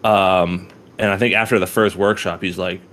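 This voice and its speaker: Rambling, swearing man with a low voice. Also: fairly even intonation, moderate pace, a bit bright. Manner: rambling, profane, laughs often, many restarts. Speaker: podcast co-host. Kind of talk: casual conversation about poetry.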